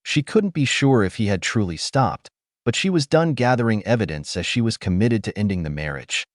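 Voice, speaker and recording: A man with a fairly low voice reads a first-person story as scripted narration. His intonation rises and falls in a lively way, and he keeps a steady, even pace. The recording is dry and close, with no room sound. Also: fairly quick, no room sound.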